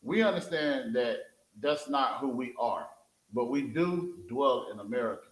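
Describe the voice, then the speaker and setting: A mid-range, slightly slow male voice comes through a reverberant, rough recording of a street preacher teaching scripture. He animatedly calls for verses from a reader, returning again and again to "you understand?"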